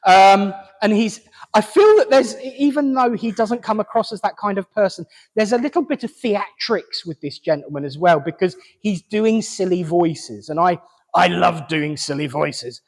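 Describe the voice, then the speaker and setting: A man's voice: sits high, animated, moderate pace. Man medium in a reverberant hall. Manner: chatty, hesitant, relaying messages with fillers and restarts. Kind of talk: mediumship reading at a service.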